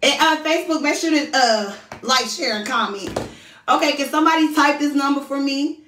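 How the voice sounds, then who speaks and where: Heard from a distance in an echoey room with a little hiss or hum, a woman hosts a casual livestream at home, talking to her viewers and reading their comments out. Her voice is high and fairly bright, at a normal speed.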